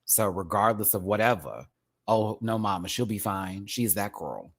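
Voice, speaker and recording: A man from Houston hosting a casual livestream review, talking in an animated, campy and profane way with lots of fillers. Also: lowish voice, normal speed. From Houston, Texas. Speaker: livestream show host.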